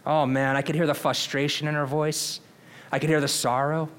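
A pastor preaching a sermon in an earnest, conversational way, often asking the congregation questions. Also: male voice, fairly high pitch, flat delivery, normal speed, a bit bright, clear, resonant tone.

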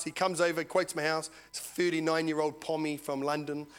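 Animated New man preaching. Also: a little high, fairly quick. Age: 40s. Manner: animated storyteller, swings from soft personal words to loud exclaiming. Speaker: lay preacher. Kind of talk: prophetic ministry and testimony.

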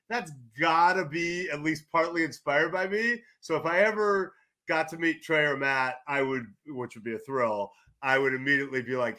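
A middle-aged man from California talks loudly and eagerly as a podcast guest, restarting his sentences as the stories tumble out. His voice sits a little high and rings bright and forceful. He rambles between anecdotes in a casual, animated way. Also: moderate pace. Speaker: sports journalist guest.

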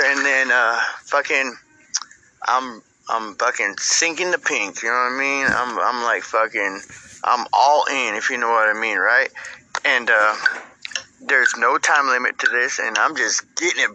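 A man telling a rambling, profane comic story, animated and laughing at his own jokes. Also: mid-range voice, slight background noise, rough recording. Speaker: comedic storyteller.

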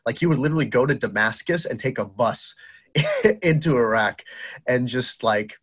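Guest, man in his 30s, Boston accent, animated raconteur in conversation. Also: mid-range voice, moderate pace, breathy edge. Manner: lively storyteller who acts out quotes with filler-heavy asides. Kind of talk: casual storytelling chat.

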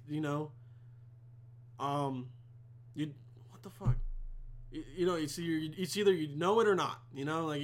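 A man's voice: a little high, a bit bright. A young man hosting a podcast, telling a rambling, heavily profane story in a casual monologue. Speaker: podcast host.

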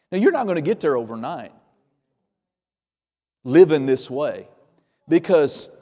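Male pastor, fairly high voice, lively sermon storyteller, church hall reverb. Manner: storytelling, acts out quoted voices, emphatic.

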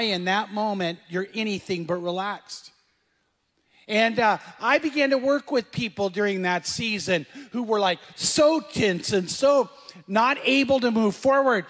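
High-voiced pastor preaching in a reverberant hall. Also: male voice, a bit bright. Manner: conversational, asks the congregation questions, repeats phrases. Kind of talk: sermon.

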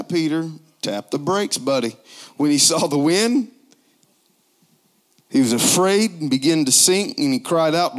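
A man in his forties preaching a sermon in a joking, conversational way, low on strength and not raising his voice. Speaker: pastor.

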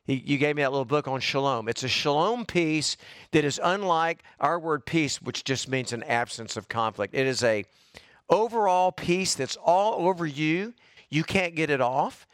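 A man's voice: on the high side, animated, moderate pace, fairly bright tone, no echo, studio quality. A middle-aged man, preaching a fervent, fired-up sermon as pastor.

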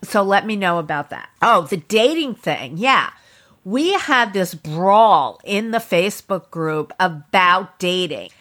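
A woman's voice: medium pitch, fairly bright tone. A middle-aged woman hosting her own podcast, talking alone in a chatty, rambling, frank way. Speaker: podcast host. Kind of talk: casual solo podcast talk.

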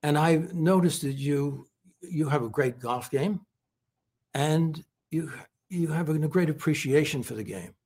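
A man from California, a guest in an interview, giving heartfelt praise in halting speech full of repeated words and fillers. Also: on the high side, a little mellow, slightly rough.

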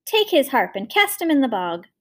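Storyteller gives a flighty swarm of marsh lights, sing-song, high and giddy, needs a light playful chant. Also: female voice, very animated, normal speed. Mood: shrill.

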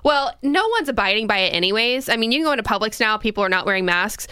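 A woman co-hosting a talk radio show, talking in an animated, emphatic way and laughing often. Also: on the high side, fast, smooth, no echo, studio quality. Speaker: radio co-host. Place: radio studio. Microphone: studio microphone.

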